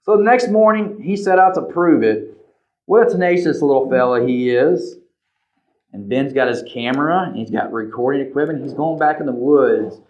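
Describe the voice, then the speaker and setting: A man reading a picture book aloud to children as a librarian, animated, pointing out the pictures and asking questions. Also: medium pitch. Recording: slightly dull lo-fi recording.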